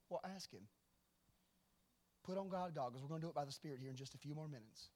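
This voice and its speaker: A middle-aged male preacher with a high-pitched voice. He tells stories in a hushed tone and then rises into loud, animated declarations during his sermon. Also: quick pace. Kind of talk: sermon with storytelling.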